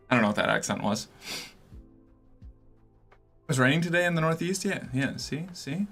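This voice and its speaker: A man's voice: medium pitch, fast, long pauses, pushed and bright, soft background music. A young man from the US Northeast streaming and chatting casually with viewers, talkative and rambling with many fillers. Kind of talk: casual chat reading viewer messages.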